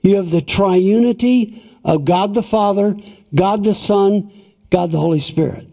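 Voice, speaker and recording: Male preacher, high-pitched voice, deliberate emphatic sermon, rhetorical questions. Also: lively intonation, mellow.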